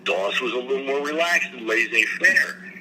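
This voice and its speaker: A man chats loosely, telling animated stories about people he has worked with and slipping into impressions. His mid-range voice has a sharp, bright edge and a moderate pace, captured in a low-quality recording with a faint hiss of background noise.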